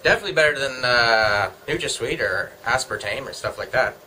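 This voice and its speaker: A middle-aged Canadian vlogger rambles casually at home, joking, talking to himself, and drifting between topics. His mid-range voice is expressive and a little fast, with a noisy background.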